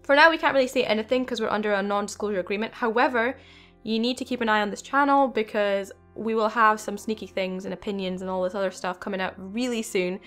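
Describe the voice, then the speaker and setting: A young woman hosting a gaming channel, talking in an excited, rambling way with many fillers. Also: medium pitch, fast talker, soft background music. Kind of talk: casual video game commentary.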